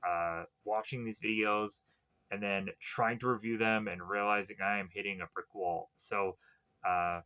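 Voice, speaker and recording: Rambling man with a bright voice. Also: on the low side, steady tone, unhurried, clean tone, dull audio. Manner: meandering, heavy use of fillers and restarts. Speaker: TV series reviewer. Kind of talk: rambling casual review. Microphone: tablet recording.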